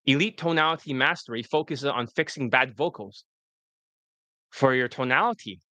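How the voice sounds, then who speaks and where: A man's voice: mid-range voice, moderate pace, pushed and bright, no echo. A man coaching on a casual live stream, reading answers aloud, cursing at slips and retaking lines, with "right?" tossed in often. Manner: cusses freely, asks "right?" as he talks. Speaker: dating coach.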